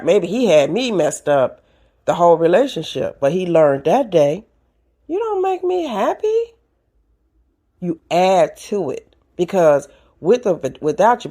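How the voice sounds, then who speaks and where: A seasoned woman hosts her own advice show, talking straight at her listeners. Her voice sits a little low with a gravelly edge. She is animated and a bit preachy. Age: older. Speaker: podcast host. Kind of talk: casual advice talk.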